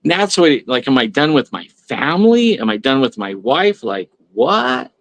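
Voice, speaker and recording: A man's voice: mid-range voice, very animated, normal speed, no room sound. Man, guest on talk radio, rambling storyteller, fillers and restarts, dry close mic. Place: radio studio.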